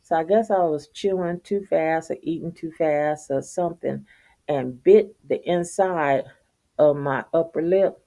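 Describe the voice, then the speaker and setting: A woman's voice: low-pitched, measured pace, dark tone. A middle-aged woman, telling viewers a casual, profane story and laughing often. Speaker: vlogger.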